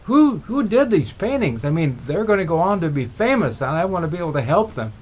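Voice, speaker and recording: A man voicing an eager art critic in a story, excited over paintings. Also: a little high, fairly quick, husky, pitched above the performer's own voice. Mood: amazed. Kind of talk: storytelling with put-on voices.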